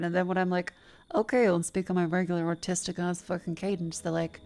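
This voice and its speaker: A woman's voice: fairly low pitch, steady tone, brisk, vocal fry, a little mellow. A woman VTuber streamer in casual chat, ranting playfully and slipping into silly voices.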